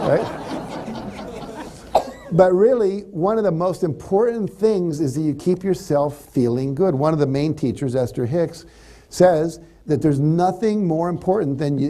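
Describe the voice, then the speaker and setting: A California-based motivational speaker, a man with a dark, somewhat high voice, delivers a conversational seminar lecture to a live audience and acts out example thoughts along the way.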